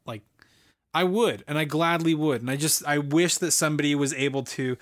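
His voice sits a little high and sounds fairly bright, moving at a moderate pace. He's a podcast co-host in his late twenties, casually chatting about a film with plenty of fillers and an eager, wandering style.

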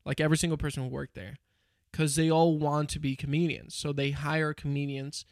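A man's voice: a little high, flat delivery, fairly quick, dry recording, studio quality. A young man in casual podcast chat, telling stories in a rambling way with lots of fillers and restarts.

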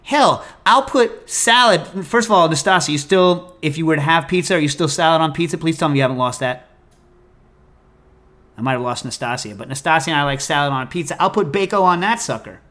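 A man hosting a food call-in show, chatting casually and answering listener questions in an opinionated, animated, digressive way. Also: on the high side, brisk.

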